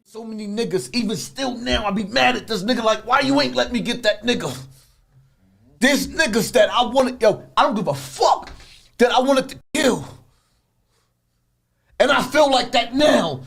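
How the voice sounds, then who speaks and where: A man's voice: very high-pitched, moderate pace, creaky, long pauses, fairly bright tone. A man talking in a raw, confessional way, intense and rambling, repeating himself.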